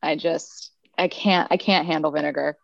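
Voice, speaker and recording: A woman's voice: deep voice, steady tone, moderate pace, gravelly, dry recording. A young woman guest on a sports podcast, talking casually and chattily with lots of fillers and self-deprecating asides. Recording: dull, slightly muffled sound.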